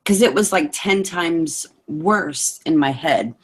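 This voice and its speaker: A woman's voice: deep voice, takes it slowly, husky. A young woman chatting candidly as host, often acting out what others said to her. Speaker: vlogger and host. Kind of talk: casual chat.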